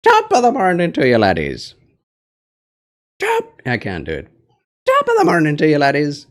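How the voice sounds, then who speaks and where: A man doing an impression of a cheery Irish streamer, straining into a high put-on Irish accent. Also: huge pitch swings, normal speed. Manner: strained, high-pitched shouting greeting.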